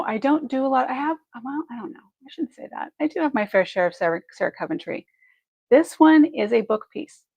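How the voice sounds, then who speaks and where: A woman hosts a live jewelry sale in an effusive, rambling way, thinking aloud between measurements. Her voice sits a little high and has a gravelly fry to it. The sound is close and dry. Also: darkish tone, no echo, dull audio. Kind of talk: live shopping stream chat.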